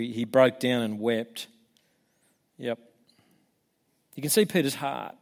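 A man preaching a sermon in an animated way, acting out the voices he quotes and often restarting his words. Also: mid-range voice. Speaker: pastor.

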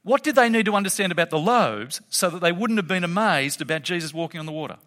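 A man delivers a sermon with a high, bright voice that swings widely in pitch. He is emphatic and animated, often laughing. Long reverb from a hall trails each phrase. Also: quick pace. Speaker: preacher.

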